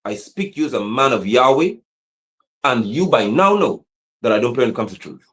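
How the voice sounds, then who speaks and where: A man giving impassioned livestream commentary as an activist, preaching and repeating slogans, sometimes shouting. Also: medium pitch, animated, brisk.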